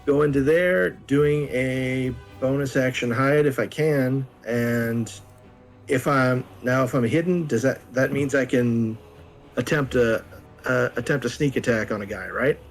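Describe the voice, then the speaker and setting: A man playing a tabletop game, thinking aloud in halting, casual talk about his moves. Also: medium pitch, soft background music. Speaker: player.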